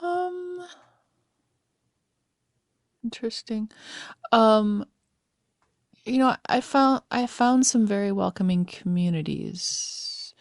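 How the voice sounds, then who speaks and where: A woman musician guest talking about her career in a casual interview, halting and restarting often, with dry humor. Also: fairly high pitch, lively intonation, darkish tone, no room sound.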